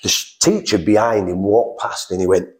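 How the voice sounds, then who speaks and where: A middle-aged man with an animated, conversational way of telling his story, slipping into other people's voices as he recounts dialogue. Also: fairly low pitch. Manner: animated, acts out dialogue with quick voice shifts. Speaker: interview guest sharing a faith testimony.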